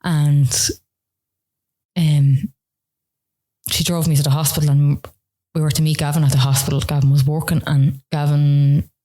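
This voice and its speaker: An Irish woman telling her own story as a podcast interview guest, emotional and halting, with many "like" and "you know" fillers. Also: deep voice, little pitch movement, warm tone.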